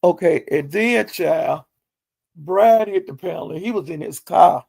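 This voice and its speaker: A man casually recapping a livestream as a story, animated and laughing often as he talks. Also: high-pitched, measured pace, creaky. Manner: animated, laughs often, loose slangy talk.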